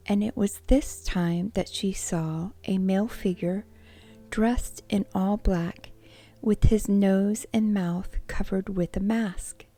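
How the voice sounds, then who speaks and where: A woman whispering a true crime account as a soft-spoken ASMR narrator. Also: mid-range voice. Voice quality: unvoiced whisper. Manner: soft-spoken, measured storytelling.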